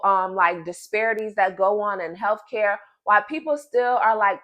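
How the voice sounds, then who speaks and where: A pregnant woman in her thirties venting to camera in a casual vlog, emphatic and animated, talking straight to her viewers. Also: medium pitch. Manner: emphatic and animated, addresses viewers as "y'all" and "girl". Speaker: vlogger.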